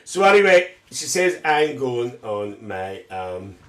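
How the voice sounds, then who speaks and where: A man's voice: medium pitch, very animated, slow pace. A man performing a brash, gossiping older Northern Irish auntie with a Northern Irish accent, telling rambling stories on a comedy livestream. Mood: gossipy. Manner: rambling anecdotes with frequent "dear" and "uh-huh". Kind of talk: character comedy monologue on a livestream.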